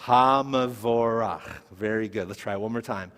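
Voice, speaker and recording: A man's voice: on the low side, little pitch movement, quick pace. A man teaching a Hebrew lesson to a class, explaining patiently step by step and asking questions. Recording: echoey hall recording.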